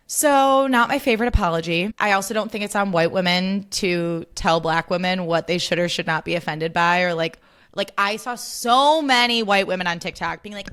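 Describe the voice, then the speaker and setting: A woman's voice: lowish voice, a little fast, a bit bright, clean tone. A woman hosting a solo podcast, ranting casually and getting worked up, swearing freely. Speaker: podcast host.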